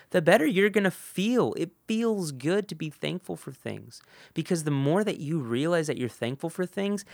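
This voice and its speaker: A gravelly-voiced man delivers an earnest motivational talk straight into a close, dry microphone. He pushes hard on key points, then drops to a near hush. He acts out quick snatches of conversation along the way. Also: on the low side, no echo. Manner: earnest, swings between loud emphasis and soft hush; acts out quick snippets of dialogue. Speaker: podcast host. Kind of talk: motivational monologue.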